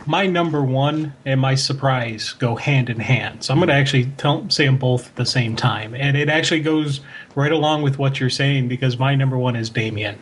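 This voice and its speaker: A man co-hosting a comics podcast, talking in casual chat with emotional, animated storytelling. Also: mid-range voice, normal speed, a little hiss or hum. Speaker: podcast co-host.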